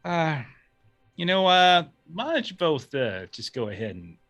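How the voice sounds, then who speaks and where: A man playing a suspicious small-town male deputy who talks in a slow, folksy, hesitant drawl. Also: fairly high pitch, big pitch swings, fairly bright tone, faint music behind.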